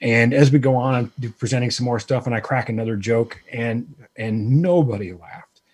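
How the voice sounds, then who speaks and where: A man guest telling a self-deprecating story in casual chat, animated and rambling with lots of fillers. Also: medium pitch, moderate pace. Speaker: guest, lighting presenter.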